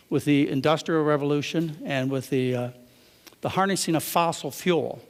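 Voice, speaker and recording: A man's voice: on the high side, in a large hall. A man giving a conversational lecture to a live audience, often asking them rhetorical questions.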